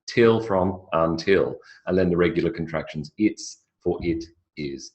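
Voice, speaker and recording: Brief: low-voiced male English teacher, chatty live lecture. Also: unhurried, hardly any pauses, darkish tone. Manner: chatty, explanatory, stretches words for emphasis.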